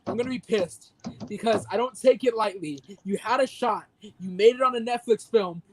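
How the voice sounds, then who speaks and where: A man's voice: high-pitched, normal speed, no room sound, low-quality recording. A man co-hosting a casual podcast, delivering a heated, profanity-filled mock rant. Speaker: podcast co-host.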